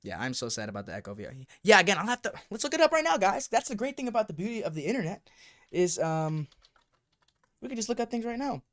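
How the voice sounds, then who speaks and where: A male streamer talks straight to his viewers in an animated, rambling way, reacting to their comments and swearing now and then. His voice sits slightly high for a man and comes through a desk streaming mic. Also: fast. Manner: animated and talkative, mild swearing. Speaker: livestream host. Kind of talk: casual livestream chat answering viewers. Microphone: desk streaming microphone.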